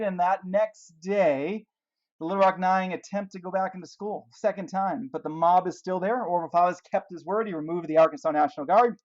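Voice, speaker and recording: A man's voice: sits high, fairly quick, dull audio. A man teaching a history lesson, explaining events and asking rhetorical questions as he points out pictures. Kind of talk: classroom history lecture.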